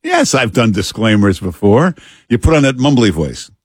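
A man hosting a talk radio show, relaxed and chatty, full of "uh" fillers. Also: medium pitch, moderate pace, husky, no echo, clean studio sound. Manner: relaxed, frequent "uh" fillers, chuckles. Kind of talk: casual radio banter.

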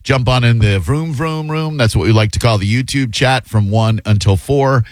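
A man's voice: mid-range voice, moderate pace, no room sound. A man in his fifties filling in as a talk radio host, telling rambling, self-deprecating stories with plenty of fillers. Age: 50s. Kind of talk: casual radio chat and storytelling. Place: radio studio. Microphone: studio broadcast mic.

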